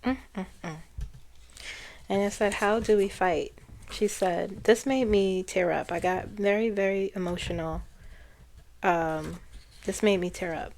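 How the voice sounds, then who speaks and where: A psychic reader earnestly relays channeled messages to her viewers, frequently pausing to restart and repeat phrases. Her voice is medium-pitched and a little mellow.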